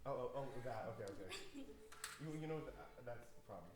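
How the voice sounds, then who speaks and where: A man's voice: mid-range voice, big pitch swings, a little fast, noisy background. A man conducting an orchestra rehearsal, playfully joking with the players while he counts bars aloud and scat-sings the rhythms. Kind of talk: rehearsal instruction. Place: rehearsal hall. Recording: echoey hall with orchestra playing.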